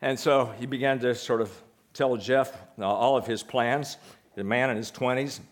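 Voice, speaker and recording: A man's voice: mid-range voice, fairly even intonation, normal speed. Man preaching conversationally. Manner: conversational preaching with questions to the congregation. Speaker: pastor. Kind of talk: sermon.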